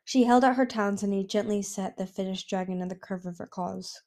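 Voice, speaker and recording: A woman narrating a fantasy storybook in a steady, even reading voice. She now and then trips over a word and restarts, keeping a homemade feel. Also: mid-range voice, a little fast, hardly any pauses. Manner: even, occasionally stumbling reading. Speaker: audiobook reader.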